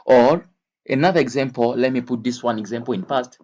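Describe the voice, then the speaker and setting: A man teaching English vocabulary to learners, speaking slowly and repeating each word and example several times. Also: medium pitch, a little mellow, highs cut off. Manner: slow, repeats words and examples.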